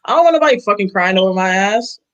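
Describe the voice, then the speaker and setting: A woman's voice: medium pitch, expressive, fast, fairly bright tone, highs cut off. A young woman co-hosting a casual podcast chat, talking in an emphatic, profane way and laughing often. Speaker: podcast co-host.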